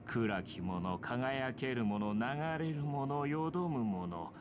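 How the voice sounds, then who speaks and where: A man's voice: mid-range voice, lively intonation, measured pace, a crowd in the background, lightly acted. An actor playing a solemn male priest chanting an archaic ritual prayer to the gods of the sea. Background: game music.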